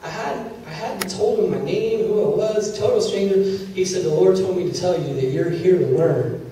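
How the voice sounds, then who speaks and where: A man's voice: high voice, normal speed, mellow. A man giving an emotional sermon testimony, telling his story and acting out the words of God and others. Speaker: preacher. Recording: very echoey hall, distant mic, faint hiss.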